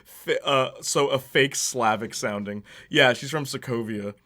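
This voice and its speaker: A man's voice: medium pitch, unhurried, sharp tone. A young man streaming a video game, chatting casually, rambling with lots of restarts and frequent laughter. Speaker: gaming streamer. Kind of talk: casual stream chat while gaming.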